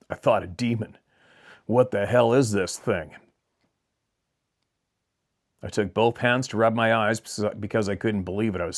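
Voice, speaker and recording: A man hosting a channel, reading a viewer's letter aloud in a plain, steady storytelling way with brief asides of his own. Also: lowish voice. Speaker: channel host.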